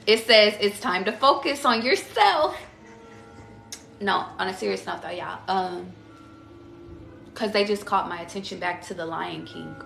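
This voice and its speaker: A woman with a gravelly, fry-heavy voice does a loose tarot reading for her viewers. She chats in slang, swears freely and keeps calling them y'all. Her voice bounces around a roomy, echoey space. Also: mid-range voice, expressive, unhurried, long pauses, fairly bright tone, faint music behind. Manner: slangy, profane, chatty, addresses viewers as y'all. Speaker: tarot reader.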